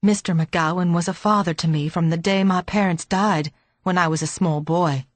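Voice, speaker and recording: A man's voice: fairly high pitch, fairly even intonation, moderate pace, dry recording, close to an everyday voice. A woman voicing an earnest, courteous young male doctor who speaks in polite, formal sentences.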